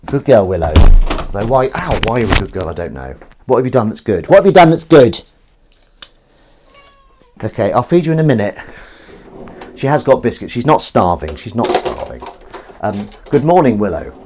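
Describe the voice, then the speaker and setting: A man chats casually on a home live stream as he washes up, rambling to viewers and to his cat. His voice sits fairly low but swings wide and lively in pitch. Faint background noise runs under the recording. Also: a little fast. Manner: rambling, chatty, talks to viewers and his cat, sings little tunes. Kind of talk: casual live-stream chat while washing up. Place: home kitchen.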